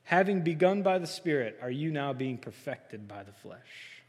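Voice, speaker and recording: A soft-spoken male pastor with a somewhat high voice, pushing himself to project as he preaches. He keeps turning to the congregation with questions and gives loud, emphatic readings of quoted lines. His voice rings with a long reverb from the church hall. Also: expressive, moderate pace. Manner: self-described soft-spoken, trying to project. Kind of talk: sermon. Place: church sanctuary.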